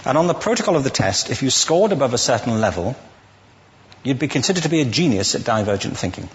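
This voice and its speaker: A man's voice: medium pitch, very animated, fast, big-room sound, slight background noise. A man giving a witty, conversational lecture to a live audience, asking the listeners questions as he goes. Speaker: public speaker.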